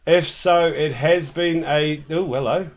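A man's voice: fairly high pitch, steady tone, a little slow. A man with a New Zealand accent hosting a game stream, joking and rambling as he chats with his co-player and viewers. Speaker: streamer host. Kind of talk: casual gameplay commentary.

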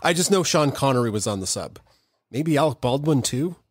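A man hosts a relaxed science chat, cracking jokes and often breaking off mid-sentence. His voice sits mid-range, and the sound is dry and close to the mic. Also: medium pitch, fairly quick, slightly rough, no room sound. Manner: rambling, joking, self-interrupting. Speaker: host. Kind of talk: casual live audio chat.

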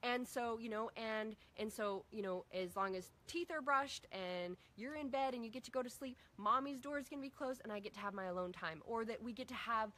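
A woman's voice: a little high, fairly quick, hardly any pauses. A middle-aged woman coaching a group on parenting, casually acting out talks with her kids. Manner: energetic, acts out dialogue with her kids.

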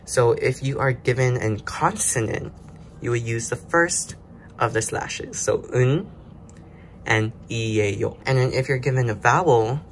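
Man, mid-pitch, casual lesson host, explains step by step, faint noise behind. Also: moderate pace. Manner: explains step by step, loose and chatty. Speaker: language learner host. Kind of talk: casual self-study lesson.

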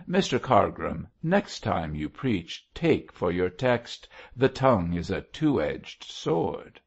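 Spiteful sharp-tongued older lady, man reading her, hard and cutting, gravelly, dull audio. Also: low voice, very animated, slow, exaggerated voice.

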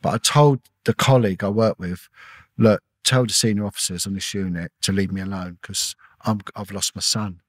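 A man's voice: on the low side, steady tone, moderate pace, dry recording. A middle-aged man, a former detective as a podcast guest, telling an emotional personal story intensely and acting out the dialogue. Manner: intense, repetitive, acts out quoted dialogue.

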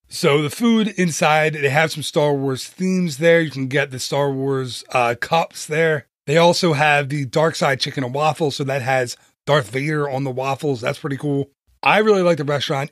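Brief: male podcast host, slightly higher voice, friendly and self-mocking, dry close-mic sound. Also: fairly bright tone, no echo. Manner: chatty, self-deprecating, upbeat. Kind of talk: casual solo podcast talk.

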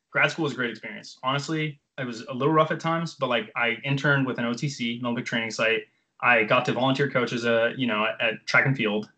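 A man's voice: medium pitch, bright, forceful tone, low-quality recording. A man in his twenties, a coach, telling his story in casual, profane, filler-heavy chat. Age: 20s. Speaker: jump training coach.

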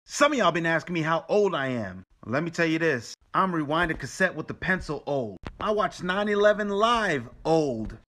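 A man's voice: fairly high pitch, big pitch swings, pushed and bright. Man rattling off a punchy list. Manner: rapid, punchy list delivery. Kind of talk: comedic nostalgia list.

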